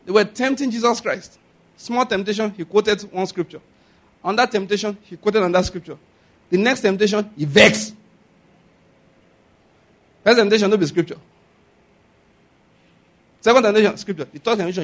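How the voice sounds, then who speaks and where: A man's voice: high voice, moderate pace, long pauses, a bit bright. A man with a Nigerian accent preaching a sermon, repeating his points emphatically and chuckling often. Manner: emphatic, repetitive exhortation with frequent chuckles.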